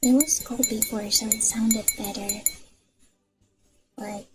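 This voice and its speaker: A young woman streaming her first ASMR session, talking softly and often whispering, nervous and rambling. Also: on the high side, steady tone, takes it slowly, low-quality recording. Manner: soft-spoken, often whispering. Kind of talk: casual ASMR stream chat. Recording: music playing behind.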